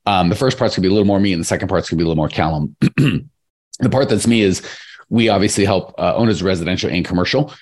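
Deep-voiced energetic male podcast host. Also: rapid-fire. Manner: energetic, rambling, addresses listeners directly. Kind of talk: casual podcast chat.

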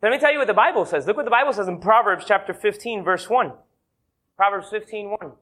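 A man preaching a sermon as a pastor, telling playful stories and slowing down hard to stress his points. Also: sits high. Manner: animated, playful storyteller who slows down for emphasis. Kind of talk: sermon with humorous anecdotes.

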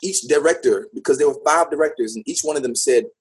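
A man, an actor and teacher, telling his story in a casual interview in an upbeat, animated way with frequent laughter. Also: on the high side, quick pace, husky. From United States.

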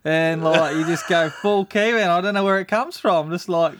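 A man's voice: high voice, moderate pace, background noise. A man co-hosting a podcast, teasing and joking in casual banter. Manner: teasing and laughing. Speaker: podcast co-host.

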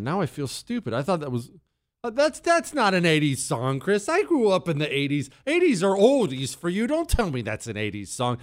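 A man's voice: fairly high pitch, wildly swooping pitch, brisk, no room sound, studio quality. A man in his forties hosting a talk radio show, delivering a monologue with joking, self-mocking banter.

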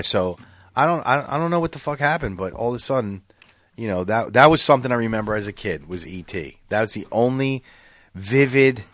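A man's voice: mid-range voice, fairly bright tone, dry recording. A middle-aged man hosting a podcast in casual chat, profane and rambling with many restarts. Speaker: podcast host.

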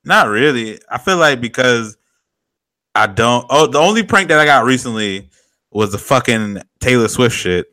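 A laid-back young man in casual podcast talk, with a bright, smooth voice recorded close and dry. He talks in loose slang and often lets his voice sink to a quiet mumble. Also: medium pitch, lively intonation, normal speed, no echo. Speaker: podcast co-host. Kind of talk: casual chat.

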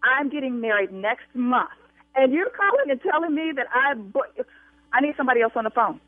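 A woman's voice: high voice, lively intonation, brisk, no echo. A woman on a phone call as a bride, talking emphatically and insistently, repeating her demands. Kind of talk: phone argument. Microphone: telephone. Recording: tinny dry phone line.

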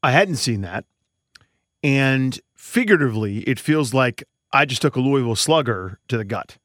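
Co-hosting a baseball podcast, this man works through his opinions in a thoughtful, rambling way, often restarting his sentences in casual sports talk. He speaks at medium pitch and a moderate pace, expressive and fairly bright, recorded with studio quality and no echo.

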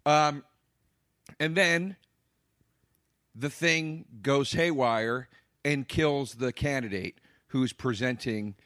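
A man's voice: mid-range voice, slow, long pauses, fairly bright tone, dry recording, clean studio sound. Blunt, profane man on a podcast. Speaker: podcast co-host reviewing movies. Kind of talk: casual chat.

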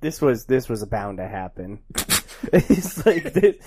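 Wry, lively-voiced podcast co-host. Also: mid-range voice, slow pace, breathy edge. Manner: wry, sarcastic movie griping with laughs. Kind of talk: casual podcast chat.

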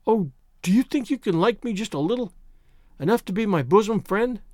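A man voicing an excitable, dramatic young orphan girl who talks in earnest, florid phrases for an audiobook. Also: high voice, fairly quick, dry recording, clean studio sound, pitched above the performer's own voice. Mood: pleading. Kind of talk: audiobook character reading.

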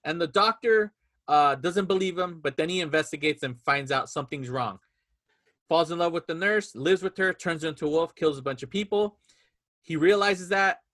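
A man's voice: on the high side, normal speed. A man in casual movie chat, retelling scenes and acting out quotes in little voices. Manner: animated storyteller, acts out quotes in voices.

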